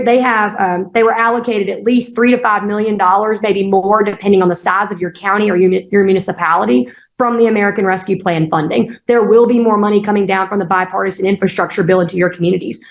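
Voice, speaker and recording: A young woman being interviewed as a state party chair, speaking earnestly with frequent fillers and restarts. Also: mid-range voice. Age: young adult. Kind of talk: political interview.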